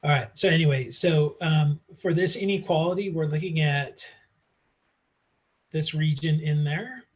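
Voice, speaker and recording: A man's voice: a little high, a little slow. A man teaching math in a casual online lecture, working through problems aloud with frequent fillers, recorded on a computer mic. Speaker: math instructor.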